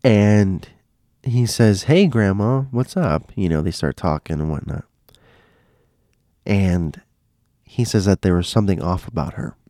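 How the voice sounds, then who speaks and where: A man's voice: low-pitched, unhurried, pauses often, dark tone, no echo, clean studio sound. A man telling stories in a loose, casual way, often repeating himself and restarting phrases. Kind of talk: casual spoken storytelling.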